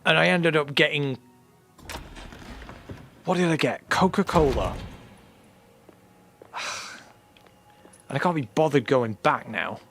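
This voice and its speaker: A man's voice: on the high side, slow, vocal fry, long pauses, faint music behind. Laid-back man chatting while gaming. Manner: rambling, relaxed, peppered with "you know". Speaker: streamer playing a horror game. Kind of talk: casual let's-play chat.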